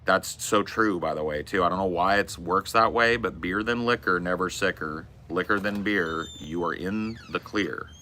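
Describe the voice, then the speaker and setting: A man's voice: sits low, moderate pace, few pauses, sharp tone, slight background noise. A man hosting a podcast, telling a loose, profane, rambling story in casual chat. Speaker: podcast host.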